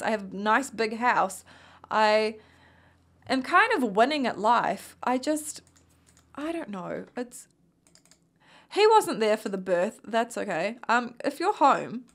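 A young woman with a New Zealand accent gives relaxed, rambling commentary over a life-sim game, often talking straight to her characters. Her voice sits high and she sounds worn out, yawning through the session. It is recorded close on a desk mic. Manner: chatty, rambling, talks to her sims. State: tired, yawning. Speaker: gaming youtuber. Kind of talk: casual gameplay commentary.

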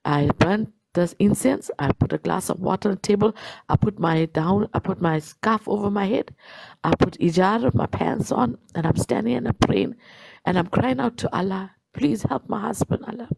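A woman's voice: medium pitch, normal speed, gravelly, darkish tone, dry recording, low-quality recording. A woman telling her personal faith testimony in an earnest way, repeating herself for emphasis. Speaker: guest sharing a testimony.

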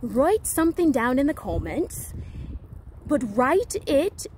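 A woman putting on a foreign accent to give brisk, instructing commands. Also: high-pitched, sing-song, darkish tone, slight background noise, voice pushed up, exaggerated voice. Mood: bossy. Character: herself in a put-on foreign accent.

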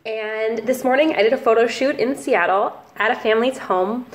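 A young woman, a family photographer chatting casually in a relaxed vlog, with plenty of ums and likes. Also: on the high side, normal speed. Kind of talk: casual talking-head vlog.

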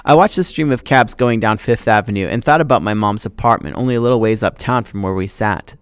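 Male teacher reading aloud, expressive, lowish voice, dry close sound. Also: a little fast, smooth, dry recording. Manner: expressive, acting out the dialogue.

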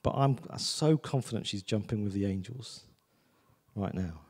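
A man's voice: on the low side, a little slow, a little mellow, husky, in a large hall. A man preaching a sermon in a church, in a chatty, conversational way, often asking "do you know what I mean". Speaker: visiting preacher.

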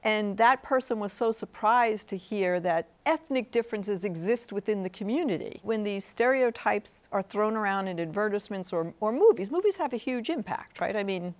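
A woman's voice: mid-range voice, expressive, normal speed, hardly any pauses. Earnest woman professor checking in with "right?". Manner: earnest, peppers points with "right?". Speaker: guest professor. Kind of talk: studio interview discussion. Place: TV studio.

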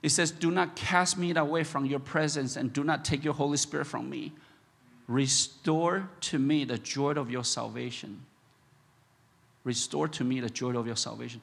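A man pastor preaching a sermon, repeating his phrases and rising loud and high when impassioned. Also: creaky, husky. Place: church sanctuary. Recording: echoey church hall.

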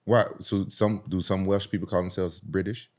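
A man's voice: low voice, steady tone, moderate pace, darkish tone. A man on a podcast talking bluntly in slangy street talk, joking with the others. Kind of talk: casual podcast chat.

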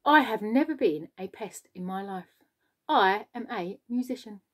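A woman's voice: mid-range voice, expressive, normal speed, close to an everyday voice. A woman voicing an old, dignified male grasshopper with a scornful manner in a storybook reading.

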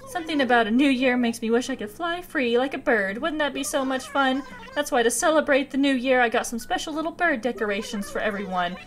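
A woman's voice: high-pitched, brisk, pitched above the performer's own voice, natural voice. Sweet dog secretary, as a woman reads her. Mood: cheerful. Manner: reading game dialogue aloud, upbeat.

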